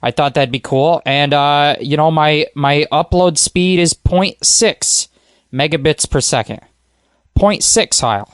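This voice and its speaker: A man's voice: a little high, slow pace, clear, resonant tone, no echo, studio quality. A man guesting on a podcast, chatting in an easygoing, rambling, self-deprecating way. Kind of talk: casual podcast chat.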